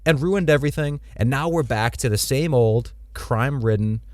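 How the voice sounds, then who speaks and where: A young man co-hosting a casual chat, animated and slangy, playfully reading quotes aloud. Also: mid-range voice, moderate pace, dry recording. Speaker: podcast co-host. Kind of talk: casual comic book discussion.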